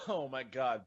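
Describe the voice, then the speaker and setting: A man co-hosting a podcast, chatting casually and excitedly, laughing often and swearing freely. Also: medium pitch, gravelly, breathy edge, dry recording, lo-fi sound. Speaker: podcast co-host.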